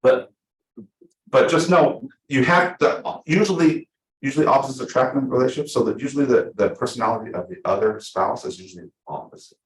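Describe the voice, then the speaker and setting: A man teaching real estate agents at a team meeting, talking fast and acting out his examples. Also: mid-range voice. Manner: energetic, fast, full of acted-out examples. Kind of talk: live team training class. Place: meeting room with a small audience. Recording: echoey room.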